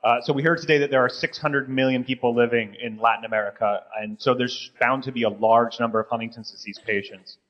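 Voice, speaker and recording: Fast-talking co-host man, dull sound. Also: medium pitch, steady tone. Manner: quick, with many fillers. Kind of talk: live conference roundup.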